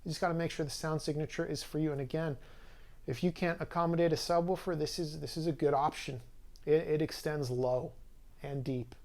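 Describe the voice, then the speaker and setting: A man's voice: fairly high pitch, fairly even intonation, fairly quick, a little mellow. A man giving a casual, conversational product review to camera, speaking loosely with frequent fillers and restarts. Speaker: audio equipment reviewer.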